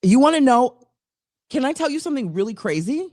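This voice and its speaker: Co-hosting a casual talk show, a woman tells a long, rambling story, animated and full of restarts and asides. Her voice is high-pitched and fairly quick, recorded dry with clean studio sound.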